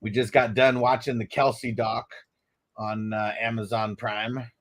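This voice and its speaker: Laid-back male stream host, slangy, relaxed, reads chat aloud. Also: medium pitch, measured pace. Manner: laid-back, slangy, coughing between dabs. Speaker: livestream host. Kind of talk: casual livestream chat reading comments.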